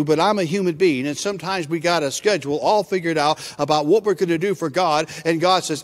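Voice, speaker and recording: A man's voice: fairly high pitch, a little fast, hardly any pauses. A male preacher giving a sermon, emphatic and repeating his scripture references, in a church sanctuary. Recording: long church reverb.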